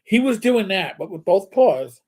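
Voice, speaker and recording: A man's voice: high-pitched, sing-song, measured pace, a little mellow. A middle-aged man chatting casually as co-host of a live show. He rambles through anecdotes, stumbles and restarts, and breaks into playful impressions along the way. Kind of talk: casual chat.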